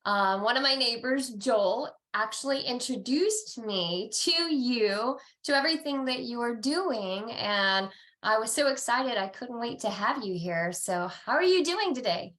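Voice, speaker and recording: A woman's voice: on the high side, expressive, a little slow, fairly bright tone. Bubbly woman podcast host. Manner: upbeat and enthusiastic, laughs often. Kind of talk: podcast interview.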